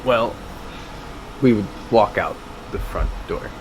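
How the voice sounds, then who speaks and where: A man's voice: on the low side, takes it slowly, noisy background. A man playing a tabletop role-playing game, joking in character and insisting on his ideas. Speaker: player.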